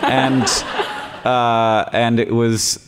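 A man's voice: mid-range voice, little pitch movement, drawn-out words, big-room sound, noisy background. A man hosting a live podcast on stage, wry and self-mocking, often restarting his sentences. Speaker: podcast host. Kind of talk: live podcast chat with a guest. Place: stage before a live audience.

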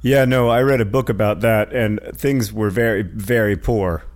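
A man's voice: on the low side, moderate pace. A man co-hosting a podcast, chatting casually with his brother and reading listener questions in a wry, joking way. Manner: joking, wry, animated storytelling. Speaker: podcast co-host.

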